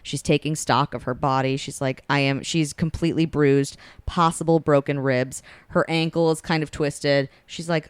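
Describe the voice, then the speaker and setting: Low-voiced woman retelling a story. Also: moderate pace, hardly any pauses, clean tone, no echo. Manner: animated retelling, acts out characters' lines. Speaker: podcast co-host. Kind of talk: casual chat, retelling a romance story.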